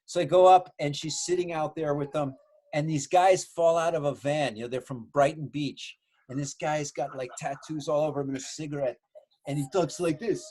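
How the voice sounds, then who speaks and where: A man's voice: fairly high pitch, fairly even intonation, normal speed, a little mellow. Rambling, swearing man telling stories. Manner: rambling, swears a lot, frequent restarts. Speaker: guest filmmaker. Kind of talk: casual storytelling chat. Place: his home.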